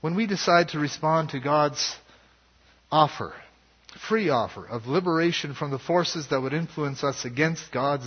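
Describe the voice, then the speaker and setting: A man preaching a sermon as pastor, in a measured and earnest way. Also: on the high side, slightly rough. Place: church sanctuary. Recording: dull lo-fi sound with long hall reverb.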